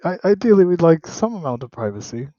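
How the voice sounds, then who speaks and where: A man's voice: a little high, very animated, fast, mellow, no room sound. A man voicing a sheepish newlywed con man who stammers and hesitates. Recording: dull, lo-fi mic.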